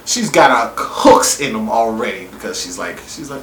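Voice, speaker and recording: A man casually reviewing a TV episode, excitable and profane with big swings in his voice. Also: mid-range voice, moderate pace. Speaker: TV review vlogger. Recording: roomy room echo.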